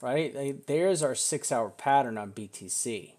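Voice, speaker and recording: A man's voice: medium pitch, expressive, a little slow, darkish tone. A man casually walking through crypto price charts, rambling and restarting his sentences as he thinks aloud. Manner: swears casually. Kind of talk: casual live chart analysis.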